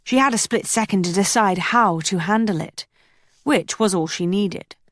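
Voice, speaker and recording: A woman reading historical romance narration in a measured, steady storytelling manner. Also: medium pitch, no echo, clean studio sound. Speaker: audiobook narrator. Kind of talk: scripted narration.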